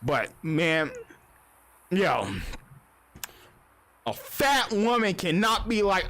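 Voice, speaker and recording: A man's voice: sits high, sing-song, fairly bright tone. A young man streamer on a casual livestream, ranting bluntly with lots of swearing. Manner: profane, blunt, fast-talking.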